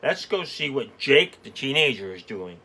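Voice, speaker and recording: A man reading a storybook aloud, putting on the voice of an eager, excitable young girl. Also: medium pitch, normal speed. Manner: eager, giggly.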